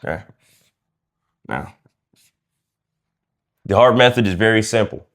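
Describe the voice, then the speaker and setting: Lively, demonstrative man coaching speech. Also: fairly low pitch, takes it slowly. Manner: lively and demonstrative, acts out quiet and loud speech; casual slang, talks straight to viewers. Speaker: communication coach. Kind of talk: casual instructional talk to camera.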